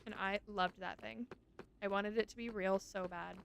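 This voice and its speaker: Chatty woman streamer with gravelly voice. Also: medium pitch, steady tone, normal speed, dull audio, a little hiss or hum. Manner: chatty, talks to chat, gushes over cute animals. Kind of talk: casual game stream chat.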